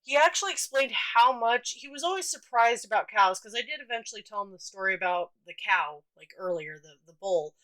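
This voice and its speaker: A woman's voice: medium pitch, animated, fairly quick, hardly any pauses, fairly bright tone, rough recording. A young woman casually telling stories from her childhood, chatty and rambling with lots of fillers and restarts. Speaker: storytime vlogger. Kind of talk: casual storytelling.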